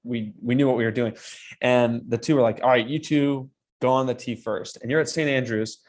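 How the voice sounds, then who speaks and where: A man in his twenties co-hosting a podcast, telling a story in casual chat, lively and often laughing. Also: mid-range voice, a little fast. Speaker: podcast co-host.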